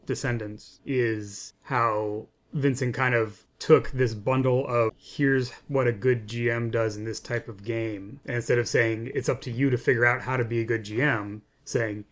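A man co-hosting a podcast about game design, explaining in a relaxed, conversational way full of "like" and "you know". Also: medium pitch, measured pace, few pauses. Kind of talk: casual design discussion.

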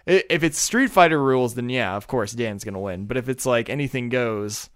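A man on a casual podcast, mid-pitched and relaxed. He talks hesitantly and trails off often. His voice sounds dry and close, with no room echo. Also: a little fast, hardly any pauses. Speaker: podcast co-host. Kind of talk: casual chat.

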